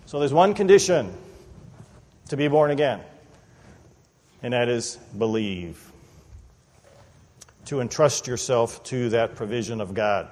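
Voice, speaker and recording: Animated preacher in an echoing hall. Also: male voice, mid-range voice, measured pace, long pauses. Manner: animated, acts out quoted voices, conversational asides. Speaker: pastor. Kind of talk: expository sermon. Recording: long reverb of a large hall.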